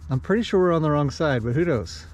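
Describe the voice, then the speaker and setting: A man's voice: on the high side, lively intonation, fast, darkish tone. A man chatting casually in a vlog while walking outdoors among his horses, greeting them in a lifted, sing-song voice. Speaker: horse trainer and owner. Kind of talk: casual walk-and-talk vlog.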